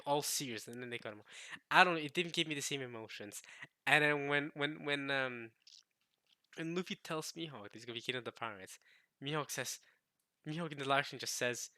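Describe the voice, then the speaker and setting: A man's voice: a little high, brisk, bright, forceful tone, dry recording. A man vlogging, giving an emphatic, rambling opinion rant in casual talk. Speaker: anime vlogger.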